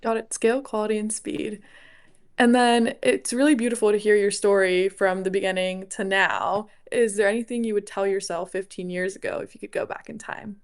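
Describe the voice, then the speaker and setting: A woman's voice: medium pitch, steady tone, fairly quick. Woman interviewer asking questions. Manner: brief, upbeat acknowledgments.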